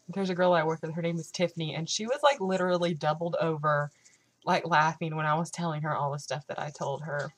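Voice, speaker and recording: A young woman chatting in her vlog, telling a story and acting out both sides of the conversation in a lively way. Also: mid-range voice, poor audio. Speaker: vlogger. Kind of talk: casual chat.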